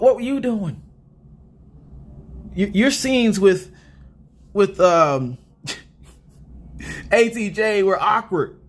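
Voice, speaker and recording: A young man giving a casual movie review in an animated, rambling and joking way. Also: sits high.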